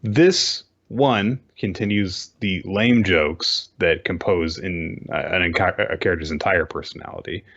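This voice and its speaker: A man's voice: low-pitched, measured pace, hardly any pauses, a bit bright, dull audio. A man co-hosting a podcast, bluntly critiquing comic chapters in casual chat. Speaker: podcast co-host.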